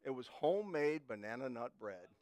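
A man's voice: mid-range voice, sing-song, normal speed, a little mellow. A middle-aged man preaching a sermon in a folksy, conversational way, telling a personal story and often restarting his words.

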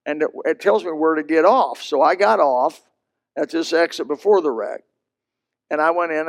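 Male pastor, sermon, high-pitched voice, storytelling, repeats for emphasis.

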